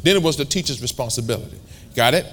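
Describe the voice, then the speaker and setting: A pastor preaching in a church, repeating key words and calling for congregation responses in a colloquial, emphatic manner. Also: male voice, mid-range voice, expressive, fast talker, fairly bright tone. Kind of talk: sermon with call and response. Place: church sanctuary.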